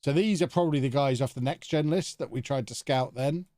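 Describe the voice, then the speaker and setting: Guy rambling over his game stream, mid pitch, dry close sound. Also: a little fast, mellow, no echo. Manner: chatty, thinking aloud to himself. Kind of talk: live video game commentary.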